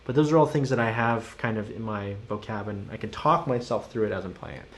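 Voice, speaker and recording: Talking briskly in a fairly low voice, a man leads a live-streamed drum class. He sounds out rhythms by chanting stickings as syllables, stays relaxed and encouraging, and chats with the people watching.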